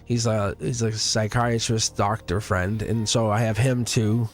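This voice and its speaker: A man with a lowish, flat voice hosts a live tarot stream at a measured pace, with soft music in the background. He chats casually in an earnest, rambling way, full of fillers and restarts, and laughs often between thoughts.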